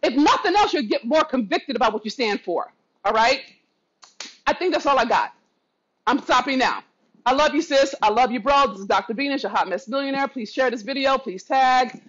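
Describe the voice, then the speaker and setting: A woman vlogger delivers a fiery, impassioned rant straight to camera, preaching and swearing freely while telling her viewers she loves them. Her voice sits high, and the recording has a dull, slightly lo-fi quality. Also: expressive, normal speed, a bit bright. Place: not at home.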